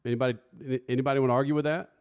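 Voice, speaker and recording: A man's voice: medium pitch, rapid-fire, clear, resonant tone. Joking middle-aged man hosting a radio show. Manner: blunt, joking, lively. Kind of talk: casual sports radio talk. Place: radio studio.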